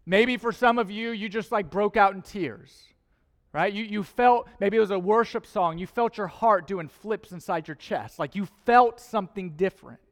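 Young male pastor, high voice, chatty sermon delivery, church hall reverb. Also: moderate pace. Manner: conversational, rhetorical questions, playful asides. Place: church auditorium.

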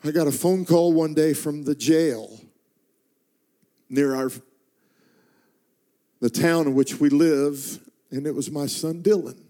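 A man's voice: fairly high pitch, takes it slowly, pauses often, dark tone. A middle-aged man, a traveling preacher, telling a personal story in a sermon and swelling into impassioned prayer before a congregation. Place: church stage before a congregation.

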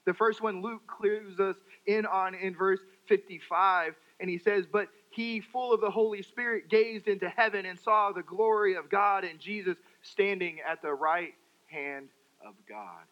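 High bright-voiced preacher, dull sound. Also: male voice, a little slow, few pauses. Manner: dramatic, swings from loud to hushed. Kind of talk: sermon.

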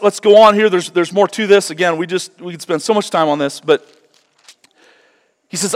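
A man preaching a sermon as pastor, moving from quiet teaching to loud, fervent delivery. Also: high voice, normal speed, pauses often. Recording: long hall reverb.

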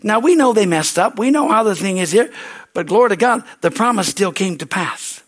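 A man's voice: high-pitched, lively intonation, fairly quick, fairly bright tone. A man pastor preaching a sermon, fervent and repetitive, with call-and-response asides.

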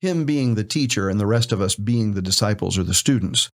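Co-hosting a podcast, a male preacher teaches from scripture in an emphatic, conversational style, posing rhetorical questions. His voice is lowish and expressive, and he speaks fairly quickly.

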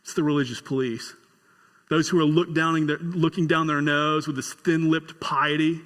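A male pastor preaching a sermon with folksy humor and storytelling, building to excited emphasis. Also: fairly high pitch, moderate pace, big-room sound.

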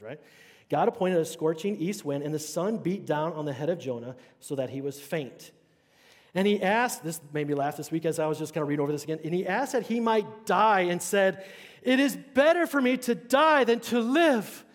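Pastor preaching in a reverberant hall. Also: male voice, a little high, a little mellow. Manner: conversational, checks in with the congregation. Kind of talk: sermon. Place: church sanctuary.

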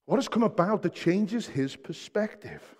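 A pastor preaching in a church, a man whose voice sits a touch high but sounds mellow and dark in tone. He drops to near-hushed lines, then climbs to loud, stressed repeats of his key phrases. A long hall reverb trails every word. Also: animated, a little slow, slightly rough. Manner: swings between soft hushed passages and loud emphatic peaks, repeats key phrases. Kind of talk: sermon.

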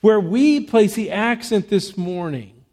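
Male pastor, sermon delivery, emphatic and measured, slightly raised pitch, nursing a cough. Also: expressive, darkish tone. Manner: measured, emphatic preaching with rhetorical questions. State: fighting a cough.

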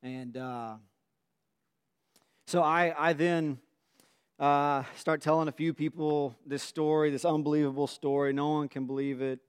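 Man with a smooth, resonant voice. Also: a little high, fairly even intonation, a little slow. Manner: earnest, emotional storytelling. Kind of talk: telling a personal story.

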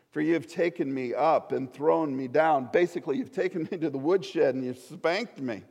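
A man preaching a sermon as a pastor, swinging from loud pleading to hushed storytelling. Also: on the high side, gravelly, big-room sound.

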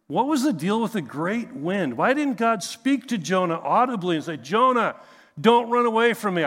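A male pastor preaching in a relaxed, joking way, firing off rhetorical questions. His voice sits a little high for a man. A long reverb from a large church hall trails after his words. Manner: conversational, humorous, asks rhetorical questions. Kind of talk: sermon.

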